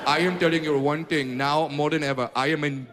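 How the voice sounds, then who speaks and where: A man's voice: fairly high pitch, fairly even intonation, brisk, voice pushed down, close to an everyday voice. Man putting on a frantic caller. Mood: pleading. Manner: desperate, overly formal pleading. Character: frantic man pleading for computer help. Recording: echoey club hall with crowd noise.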